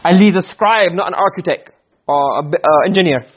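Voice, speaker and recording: Male teacher, high voice, dull lo-fi sound, keeps asking if students understand. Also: slight background noise. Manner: explains with many checks on understanding, recites Arabic quickly. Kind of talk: classroom lecture on Arabic rhetoric. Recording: dull lo-fi recording.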